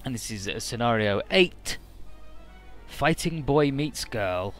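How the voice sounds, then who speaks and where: A man talking through a video game playthrough in a loose, rambling way, full of fillers and casual swearing. His voice sits at an ordinary, mid pitch. Game music hums faintly underneath. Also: animated, slow. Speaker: let's play commentator.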